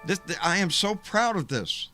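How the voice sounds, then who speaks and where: A man's voice: sits high, sing-song, normal speed, over loud music. A man hosting a live political stream, talking casually in an emphatic, rambling way and swearing freely. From Texas. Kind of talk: casual livestream talk.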